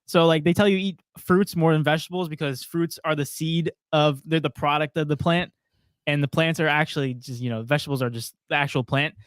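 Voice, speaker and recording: Young guy cohosting a sports pod, laughs a lot, reads chat comments, kinda high voice. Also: fairly even intonation, a little fast, clean tone, no room sound. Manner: playful, laughs often, reads out viewer comments. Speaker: podcast co-host.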